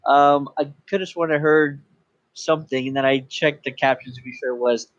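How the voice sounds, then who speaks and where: A man's voice: mid-range voice, fairly even intonation, moderate pace, dry recording. Enthusiastic man on a lo-fi podcast. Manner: enthusiastic, acts out lines in funny voices. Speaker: podcast co-host. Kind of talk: casual movie review chat. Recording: dry dull lo-fi sound.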